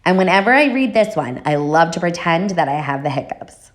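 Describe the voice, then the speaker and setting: A woman reading children's poems aloud with a lively, playful delivery. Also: on the low side, a little fast. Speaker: poetry reader.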